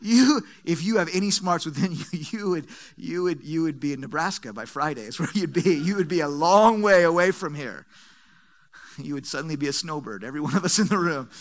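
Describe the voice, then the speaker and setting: A middle-aged man preaching a sermon to his church, emphatic and repetitive, with big swings in pitch and volume. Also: expressive, a little fast. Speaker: pastor.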